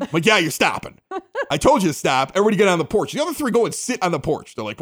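Husky and rapid-fire, a middle-aged podcast host from around Chicago casually spins a story for his local show. He gets animated, performing the quotes with big pitch jumps.

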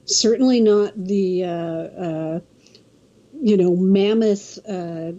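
A woman from California's Central Coast, a guest telling a story in a casual, halting way, often restarting and acting out the quotes. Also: medium pitch, mellow, lo-fi sound. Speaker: interview guest.

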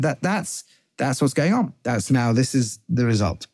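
Male rabbi-teacher, warm low-brightness tone, close dry sound, alternates Hebrew text and English explanation. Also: animated, a little fast, dry recording. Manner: reads Hebrew lines aloud, then translates and explains them; thinks aloud with frequent restarts and self-corrections. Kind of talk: text study lecture.

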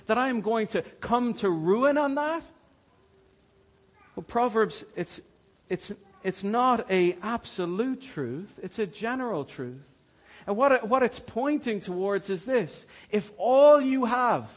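A pastor preaching a sermon in a church, swinging from hushed, slow words to loud, soaring ones. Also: male voice, very high voice, husky.

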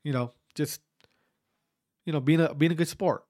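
A man with a fairly high voice tells a story about his fight in a loose, animated way, tripping over his words and starting sentences over. He swears casually and acts out the voices of people in the story. The recording is dry and close, with no room sound. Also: normal speed, no room sound. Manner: animated, frequent restarts and stammers, acts out quotes. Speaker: amateur fighter recounting a bout.

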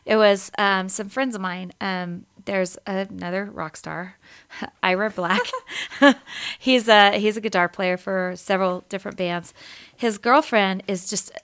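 A woman's voice: medium pitch, fairly even intonation, measured pace, fairly bright tone, clean tone. A woman co-hosting a podcast in casual chat, laughing often and rambling, a bit short of breath after an infection. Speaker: podcast co-host.

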